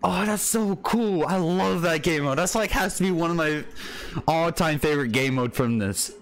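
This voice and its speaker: A young man commentating a video game as he plays it, excitable and quick to yell when he fails. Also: on the high side. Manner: excitable, yells and whines when failing. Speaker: gaming channel host. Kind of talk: live gameplay commentary.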